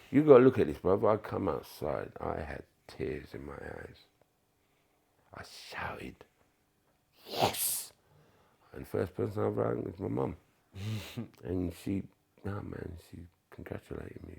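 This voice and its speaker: Guy in his 60s telling stories, super low gravelly voice, husky, acts out all the bits. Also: slow pace, long pauses. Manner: animated storyteller acting out dialogue, swearing, dropping to whispers. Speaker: podcast guest. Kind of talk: casual storytelling chat.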